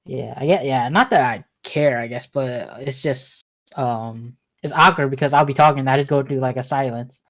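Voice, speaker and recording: A man's voice: mid-range voice, normal speed, a bit bright. A young man co-hosting a gaming podcast in casual chat, drowsy and yawning, trailing off between thoughts. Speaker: podcast co-host.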